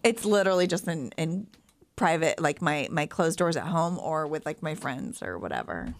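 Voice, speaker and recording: A woman co-host talks openly and laughs as she goes. Her pitch rises and falls widely. The sound is dry and close. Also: animated, normal speed, dry recording. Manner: candid and laughing, trailing off. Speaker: show co-host. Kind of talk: casual chat.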